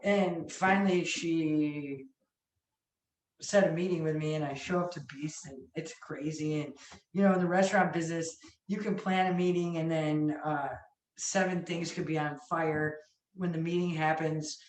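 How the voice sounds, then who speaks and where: A woman restaurant owner telling stories in a casual interview, animated, swearing freely and acting out what people said. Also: deep voice, moderate pace. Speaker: restaurant owner and sandwich chef. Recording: echoey room, mic far off.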